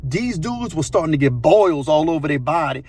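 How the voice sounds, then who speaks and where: A man, a channel host telling a story in a casual, animated, slangy way. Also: a little high, normal speed, slightly rough. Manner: animated, slangy, repeats phrases for effect.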